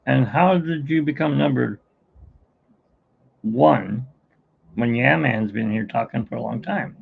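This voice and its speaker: A man's voice: mid-range voice, takes it slowly, gravelly, slightly rough, narrow, tinny audio. A middle-aged man hosting a live stream, chatting casually and telling jokes in a rambling, self-mocking way.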